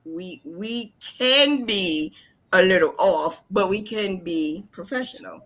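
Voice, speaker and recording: A lively woman with a New Jersey accent hosts a casual video call chat. Her pitch swings widely as she talks emphatically, and her tone is bright and forceful. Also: slow pace. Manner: animated, laughs often, emphatic. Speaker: host.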